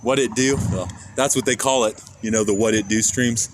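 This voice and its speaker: IRL streamer, man from Kansas, lowish voice, loose profane rambling to chat, phone mic, loud traffic behind. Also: fairly even intonation, brisk. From Kansas, USA. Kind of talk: casual live-stream chat while walking. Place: outdoors on city streets. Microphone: handheld phone. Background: traffic and street noise.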